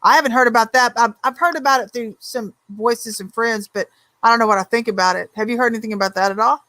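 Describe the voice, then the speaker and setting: A woman hosts a talk show with a slightly high voice. She chats freely, backs her guest with frequent yeahs and tells lively stories. The sound is close and dry. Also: quick pace, no echo. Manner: chatty, animated storyteller, many yeahs. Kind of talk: casual interview talk.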